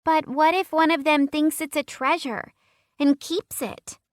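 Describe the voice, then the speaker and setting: A woman reading as a little girl in an audiobook, high and bright, earnest and bossy, every point pressed hard. She sounds clever beyond her years, and the dry close recording keeps her piping voice right up front. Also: steady tone, unhurried, no echo. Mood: eager. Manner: emphatic, lecturing.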